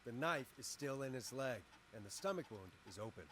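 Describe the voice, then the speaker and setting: A man voicing a steady late-night radio DJ. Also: medium pitch, fairly quick, lightly acted. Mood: urgent. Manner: steady broadcast delivery. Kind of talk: video game voice acting. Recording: game audio with clear hiss.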